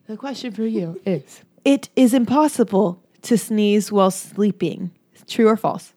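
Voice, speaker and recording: A woman's voice: mid-range voice, measured pace, warm tone. A young woman hosting a quiz game in a casual chat, playful and often laughing. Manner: giggly, playful quizmaster. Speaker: podcast host running a game segment.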